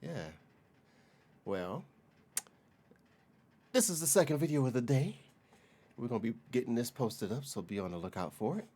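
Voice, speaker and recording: An American man hosting a reaction video, chatting in a relaxed, slangy way and laughing often. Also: medium pitch, moderate pace, pauses often, slight background noise. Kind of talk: casual reaction commentary.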